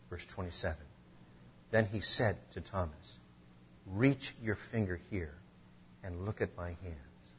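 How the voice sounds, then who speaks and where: A man preaching a sermon, earnest, with slow emphatic stresses. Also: fairly low pitch, a bit bright, dull audio, a little hiss or hum. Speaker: pastor.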